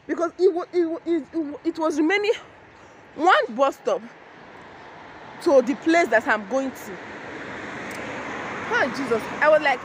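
A woman's voice: high-pitched, lively intonation, measured pace, pauses often. A young woman with a Nigerian accent, vlogging to her phone while walking the streets, exclamatory and rambling with many restarts. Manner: exclamatory, rambling, retells annoyances with repeated restarts. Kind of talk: casual vlog chat to camera. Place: outdoors on city streets, walking with a stroller.

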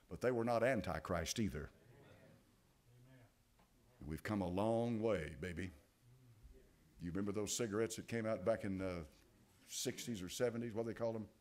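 An older man with an East Tennessee accent preaching a sermon as pastor, dropping to quiet asides and rising to loud exclamations. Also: mid-range voice. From United States.

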